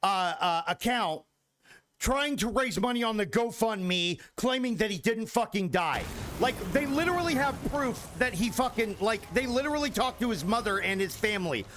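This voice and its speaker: A man's voice: sits high, lively intonation, normal speed, noisy background. A young man streaming a video game, swearing freely and talking back to his chat with exasperation. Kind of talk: casual gameplay commentary.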